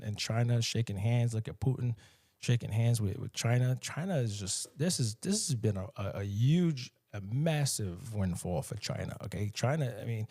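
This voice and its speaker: An American man of medium pitch delivers animated, emphatic commentary on his own, frequently switching into mocking voices.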